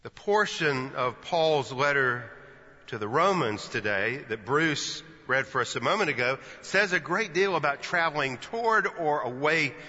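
A man's voice: a little high, pushed and bright. A man in his fifties, a pastor from Texas, preaching a sermon in a church sanctuary with folksy storytelling and playful asides. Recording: dull audio with long church reverb.

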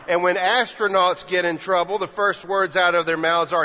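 A man's voice: high-pitched, steady tone, moderate pace, hardly any pauses, sharp tone, slight background noise. A man in his fifties, a pastor from Texas, preaching a sermon in a church sanctuary with folksy storytelling and playful asides. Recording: dull audio with long church reverb.

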